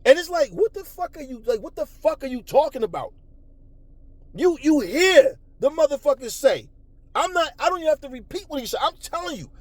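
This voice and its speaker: A man's voice: very high voice, very animated, a little fast, dry recording. A middle-aged man hosting a boxing talk show, ranting profanely and confrontationally at his audience and mocking their voices. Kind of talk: ranting commentary.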